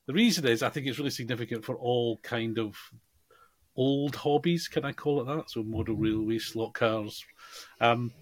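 A man's voice: mid-range voice, a bit bright, breathy edge. A man co-hosting a podcast in casual chat, talking in a rambling way with many fillers and restarts. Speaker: podcast co-host.

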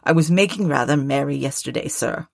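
A woman's voice: a bass voice, brisk, vocal fry, darkish tone, no echo, clean studio sound, voice pushed down, exaggerated voice. A woman voicing a meek, middle-aged male clerk who pleads timidly. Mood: pleading.

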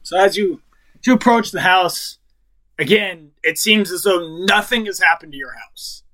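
High-voiced man running a tabletop game. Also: moderate pace, sharp tone, rough recording. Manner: casual, joking. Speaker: game master.

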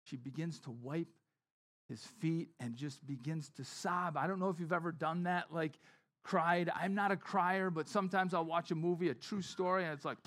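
A man's voice: moderate pace, a bit bright. A man preaching a sermon as pastor, talking conversationally and acting out the people in the story. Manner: conversational, acts out quotes with shifting pitch and volume.

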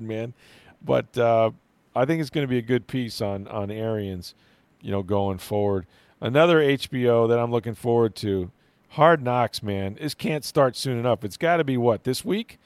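A man's voice: medium pitch, lively intonation, moderate pace, no room sound. A man hosting a sports show, chatting casually about football with lots of fillers and restarts. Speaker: sports radio host.

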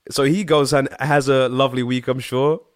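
Telling a story in a casual chat, a Zimbabwean guest singer-songwriter is animated and slangy, swearing frequently and using lots of fillers. He speaks at a moderate pace with a medium pitch, and the recording is studio quality, with no room sound.

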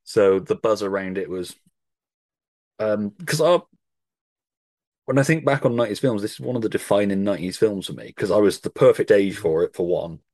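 Male podcast host, thirties, low voice, dry close sound, relaxed and sweary. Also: normal speed, dry recording. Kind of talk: casual chat.

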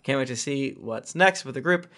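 A man's voice: medium pitch, lively intonation, normal speed, fairly bright tone. A man hosting a podcast, reading listener reviews aloud with joking asides. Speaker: podcast host.

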